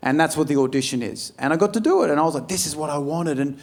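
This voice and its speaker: A young Australian man doing a stand-up set, blunt and deadpan with sudden loud outbursts. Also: a little high, fast. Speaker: stand-up comedian. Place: comedy club stage with audience.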